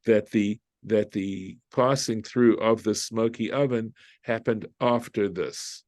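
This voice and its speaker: A man leads a text-study lesson as a rabbi, working slowly through each phrase. His voice sits a little low, and the recording is dry and close. He reads a phrase, translates it, and often halts and restarts as he goes. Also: fairly even intonation, a little mellow, no room sound. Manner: reads Hebrew then translates, thinking aloud; halting, with restarts while reading. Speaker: rabbi teaching Torah study.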